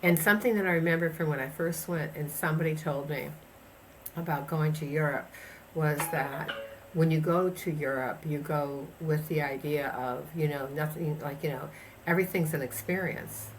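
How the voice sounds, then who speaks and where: A woman's voice: low-pitched, normal speed, slight background noise. A woman in her sixties from the United States, a chiropractor telling travel stories in a casual interview, rambling with many fillers and restarts. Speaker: guest chiropractor.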